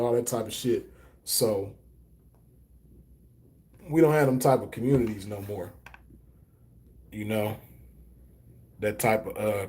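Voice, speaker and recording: A man's voice: medium pitch, dark tone. Laid-back man telling a story. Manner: loose storytelling with "you know what I mean" fillers. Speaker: host reading chat comments. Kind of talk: casual monologue.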